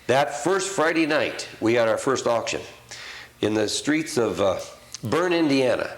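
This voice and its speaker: A man's voice: medium pitch, expressive, measured pace. An older man, an auctioneer, recalling his career in a plain-spoken, hesitant way during an interview. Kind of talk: recollecting in conversation. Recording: roomy echo.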